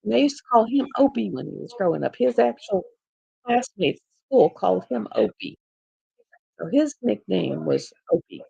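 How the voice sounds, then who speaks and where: A woman's voice: mid-range voice, very animated, moderate pace, creaky, dark tone, slightly rough, dry recording, highs cut off. An older woman, hosting a casual craft live stream from home on a laptop, chatting in a rambling way and laughing often. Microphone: laptop mic.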